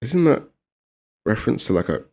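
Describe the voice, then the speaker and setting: A man's voice: medium pitch, big pitch swings, moderate pace, vocal fry. A man from Britain chatting casually as host while reacting to a history video. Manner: musing, chatty, laughs at jokes.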